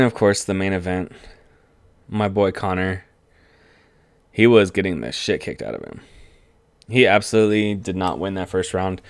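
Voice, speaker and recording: A young man talking casually about sports, rambling and excitable and laughing at his own remarks. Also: low-pitched, dry recording. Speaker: vlogger. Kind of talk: casual sports commentary monologue.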